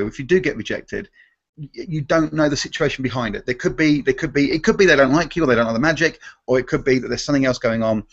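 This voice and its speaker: A man's voice: medium pitch, lo-fi sound. A man, a magician guest in a live Q&A, talking animatedly and restarting his sentences often. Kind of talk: live Q&A chat.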